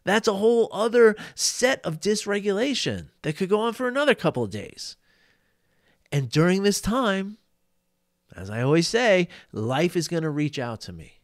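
A middle-aged male coach telling personal stories, animated, often laughing and acting out quotes. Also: high voice, normal speed, dry recording, studio quality. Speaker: life coach. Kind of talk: reflective storytelling monologue.

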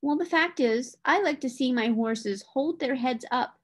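A woman's voice: high voice, a little slow, voice pushed up. A woman reading the lines of a proud military captain who asks a friend's opinion of his horses. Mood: breezy. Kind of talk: reading a novel aloud.

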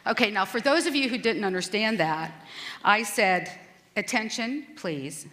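A woman's voice: medium pitch, expressive, moderate pace, sharp tone. A middle-aged American woman giving a self-deprecating, humorous stage talk at a conference. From United States.

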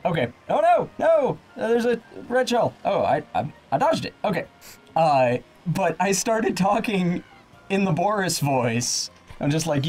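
A man co-hosting a casual let's-play, swinging between storytelling and loud, excited outbursts at the game. His voice swoops widely and sits a little high for a man. Faint game music plays underneath. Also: measured pace. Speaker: gaming channel co-host.

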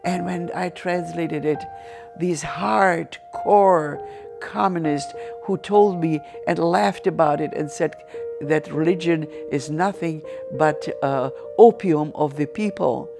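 An older woman with a Ukrainian accent recounts her life in an earnest, lively way, breaking off and restarting her words. Her voice carries a gravelly rasp. Soft music plays faintly underneath. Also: low voice, slow pace. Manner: earnest, animated storyteller with frequent restarts. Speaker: interview guest. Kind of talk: personal testimony storytelling.

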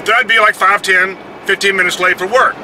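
A man rants bluntly, swearing freely as he tells his story. His voice sits fairly high for a man. Loud vehicle and traffic noise runs under the recording. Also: steady tone, a little fast. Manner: profane, blunt, heated storytelling. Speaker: vlogger. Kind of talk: casual ranting monologue. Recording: noisy, with vehicle and traffic sounds.

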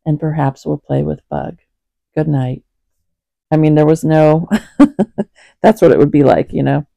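A woman hosting a Bible reading for her cats, praying and chatting in a gentle, soft-spoken, rambling way at home. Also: low voice, fairly even intonation, measured pace, gravelly, no echo. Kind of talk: prayer and casual chat to camera.

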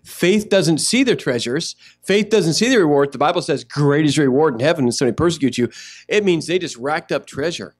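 Male pastor, high voice, animated sermon delivery with acted-out asides, faint music underneath. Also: a little fast. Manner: animated preaching, acts out little scenes. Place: church sanctuary.

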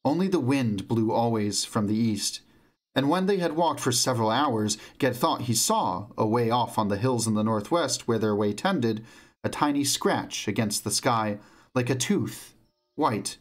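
A man narrating a fantasy novel as an audiobook reader, measured and slowing down for tense moments, on an omnidirectional mic. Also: mid-range voice, lively intonation.

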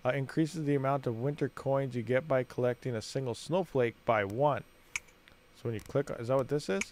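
A man's voice: medium pitch, brisk, darkish tone, a little hiss or hum. A man hosting a gaming channel, rambling and thinking aloud as he plays and talks to his viewers. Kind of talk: casual gameplay commentary.

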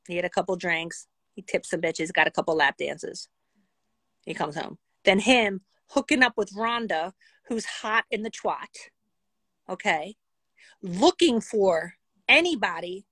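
A woman telling a casual storytime vlog in a blunt, profane and animated way. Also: medium pitch, breathy edge, no echo. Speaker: vlogger.

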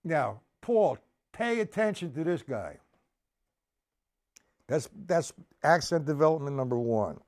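Slow-talking man teaching drum strokes. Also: fairly high pitch, sing-song, a little mellow. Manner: counts beats aloud, patient step-by-step explaining. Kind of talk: live-streamed drum lesson.

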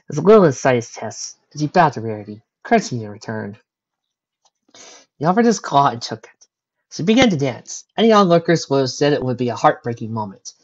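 A woman reading a fan story aloud with animated, brisk narration. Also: extremely low pitch, muffled recording. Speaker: fanfiction reader.

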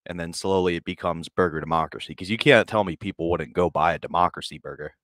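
A man co-hosting a casual comedic talk show, pitching dry joking bits. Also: fast talker, fairly bright tone, no room sound. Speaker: co-host.

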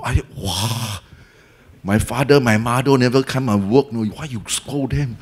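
A man with a Singaporean English accent gives a Dhamma talk as a Buddhist teacher. He tells the story lively, acts out the people in it, and mixes in colloquial local words. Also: mid-range voice, takes it slowly, pauses often, slightly rough. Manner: colloquial, Malay and Hokkien words mixed in.

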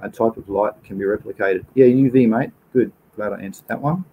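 A man's voice: on the low side, a little fast, narrow, tinny audio, a little hiss or hum. A man with an Australian accent hosting a casual livestream, reading out viewer comments and answering questions in an informal, chatty way. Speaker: livestream host.

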